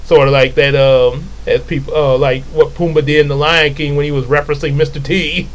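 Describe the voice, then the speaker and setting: A man's voice: a little high, level tone, fairly quick, low-quality recording. A man casually retelling his comic book, rambling into asides and correcting himself.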